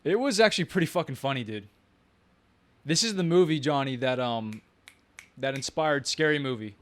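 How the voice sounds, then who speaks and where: A man's voice: mid-range voice, animated, moderate pace, no echo. A young man casually reviewing a movie, rambling with lots of fillers, slang and restarts.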